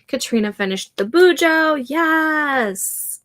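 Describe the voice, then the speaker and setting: A woman with a fairly high voice hosts a casual live stream of writing sprints. She takes her time, speaking at a slow, relaxed pace as she reads out viewer comments and cheers them on. Her voice sounds slightly stuffy from allergies. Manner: unhurried, reads viewer comments aloud and reacts warmly. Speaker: livestream host running writing sprints.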